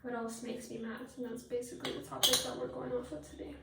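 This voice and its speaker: A woman vlogger rants bluntly while doing her makeup for a get-ready-with-me video, swearing heavily and often trailing off into fillers. Her voice is fairly high and level, and she speaks quickly. The room is echoey, the mic distant, with faint noise.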